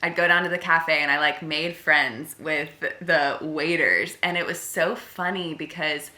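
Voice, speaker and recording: A young woman co-hosting a casual chat, telling animated stories and laughing often. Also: deep voice, measured pace. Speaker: co-host. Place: bedroom. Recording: echoey room.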